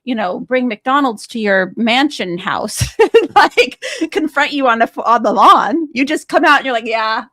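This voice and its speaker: Bright-voiced woman, animated and mocking. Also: a little high, moderate pace, few pauses, dry recording. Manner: animated, mocking impressions, laughs easily. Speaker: co-host. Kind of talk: casual conversation.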